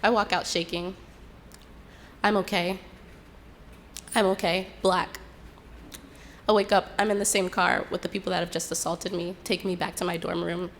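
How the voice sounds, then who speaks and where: Young woman, personal storytelling, low-ish voice, faint background hiss. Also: level tone. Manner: unhurried, reflective retelling with quoted dialogue.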